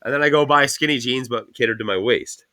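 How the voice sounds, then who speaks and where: A man's voice: mid-range voice, fairly quick. A man, telling a rambling story full of swearing as a podcast host. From Canada. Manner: rambling, swears constantly, animated retelling. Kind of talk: casual profane storytelling.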